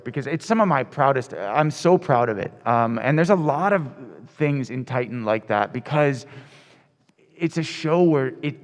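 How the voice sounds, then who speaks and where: A man, a voice actor on a convention panel, talking thoughtfully about his work with frequent pauses and restarts. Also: medium pitch. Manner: thoughtful, hesitant, many ums and restarts. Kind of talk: reflective panel talk. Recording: reverberant convention hall.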